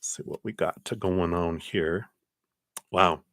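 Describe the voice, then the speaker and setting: Deep-voiced man giving gentle tarot advice. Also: takes it slowly, gravelly, no room sound, clean studio sound. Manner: gentle, encouraging, spiritual advice. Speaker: tarot card reader. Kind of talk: live-stream card reading.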